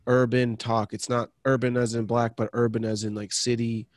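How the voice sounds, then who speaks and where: A man's voice: medium pitch, level tone, normal speed, no echo. Rambling, cursing man in casual chat. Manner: rambling, swears freely, trails off. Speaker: podcast co-host.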